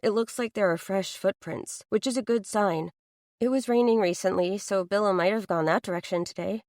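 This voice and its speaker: A woman's voice: medium pitch, normal speed, darkish tone, no room sound, studio quality. A woman narrating a first-person audiobook thriller, reading an anxious inner monologue in an earnest way.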